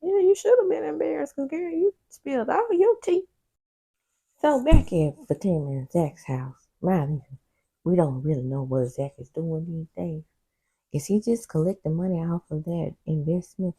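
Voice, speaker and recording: Sassy gravelly-voiced woman recapping TV. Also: low-pitched, expressive, measured pace, warm tone. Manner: sassy, talks back at the characters; shares personal side stories. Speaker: TV recap host. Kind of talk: casual show recap vlog.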